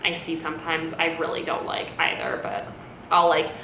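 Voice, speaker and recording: A woman's voice: animated, normal speed, gravelly, sharp tone. A young woman vlogger telling a personal story candidly, rambling, with lots of "like" and "you know". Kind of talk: storytime vlog. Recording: echoey room with faint rumble.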